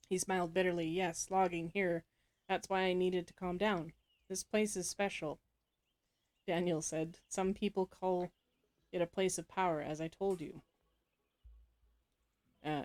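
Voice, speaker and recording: A woman's voice, fairly low in pitch and a little mellow, reads a story game's text aloud. She chimes in with casual comments, often laughing and correcting herself.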